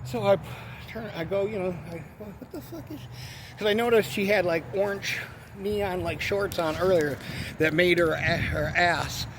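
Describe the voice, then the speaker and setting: A man telling a rambling story in a vlog, cursing often and saying "you know what I mean" again and again. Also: on the high side. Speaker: vlogger. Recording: outdoor noise behind voice.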